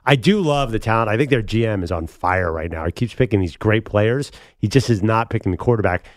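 A man co-hosting a sports talk show, arguing his picks confidently and pushing back quickly. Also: fairly low pitch, animated, no room sound, studio quality. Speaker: sports radio co-host. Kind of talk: casual sports debate.

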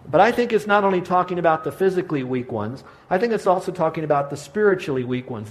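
A middle-aged man preaching a sermon as pastor, earnest and gently encouraging. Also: fairly high pitch.

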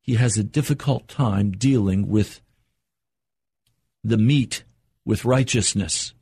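Husky-voiced older man preaching. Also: on the low side, mellow, no echo. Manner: earnest, measured preaching with slow emphatic pauses. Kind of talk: sermon.

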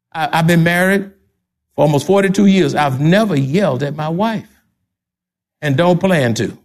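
A man's voice: on the high side, normal speed, pauses often. An older man with a Texan accent, a pastor preaching a sermon emphatically and repeating key phrases.

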